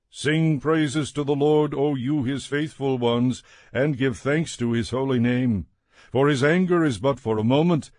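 A man reading scripture aloud in a measured, solemn way. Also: mid-range voice, darkish tone, no echo, studio quality. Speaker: scripture reader.

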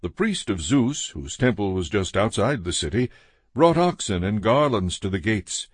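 A man giving a measured, steady reading of a Bible passage as scripted narration. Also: fairly low pitch, husky, no echo, clean studio sound. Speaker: scripture reader.

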